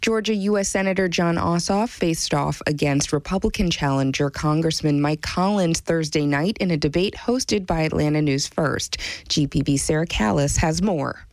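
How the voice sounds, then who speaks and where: A woman anchoring a live radio newscast, reading crisply and briskly. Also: low-pitched, a little mellow, dry recording.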